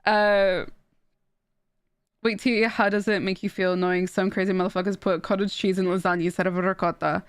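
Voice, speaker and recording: A young woman chatting on a stream, telling stories with lively energy and frequent restarts. Her voice sits at an ordinary pitch for a woman. The recording is close and dry, with no room sound. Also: moderate pace, clean tone, dry recording. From Australia. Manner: animated storytelling with laughs and repeated restarts. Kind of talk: casual chat while streaming.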